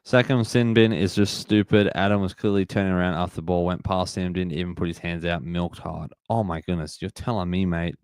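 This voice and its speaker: A man's voice: low voice, fairly even intonation, brisk, few pauses, darkish tone, clean tone, no room sound, studio quality. A young man hosting a live sports watch-along, frustrated at calls and reading chat messages aloud. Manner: frustrated, reacts to plays and reads chat aloud. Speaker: livestream host.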